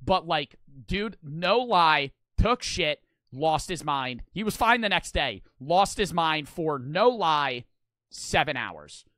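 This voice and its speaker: A young man streams and chats casually, rambling and swearing through an animated story. His voice sits a bit high and bright. The sound is dry and close. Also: takes it slowly, no room sound.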